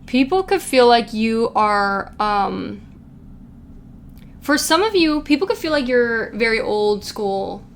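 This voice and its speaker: A woman's voice: on the high side, sing-song, slow pace, slight background noise. A young woman giving a casual pick-a-card tarot reading, chatty and giggly, reading quotes aloud with playful asides. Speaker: tarot reader.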